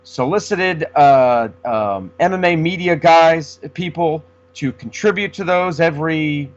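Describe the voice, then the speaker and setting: A man's voice: a little high, a little slow. Rambling man, lo-fi. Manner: rambling, many restarts. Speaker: podcast co-host. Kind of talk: casual sports chat. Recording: dull lo-fi sound.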